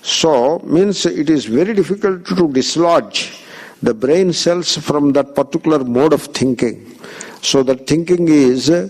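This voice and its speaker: A man teaching a spiritual discourse. His voice sits a little high, and he draws out words, pausing often and weaving in Sanskrit terms. The delivery is patient and explanatory. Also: a little mellow. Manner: measured, drawn-out teaching with frequent pauses and Sanskrit terms.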